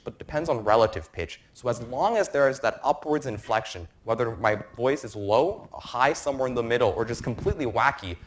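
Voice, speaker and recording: A young man in his twenties presenting an academic lecture to a room, explaining research in a quick, informal way. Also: medium pitch. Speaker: medical student presenter.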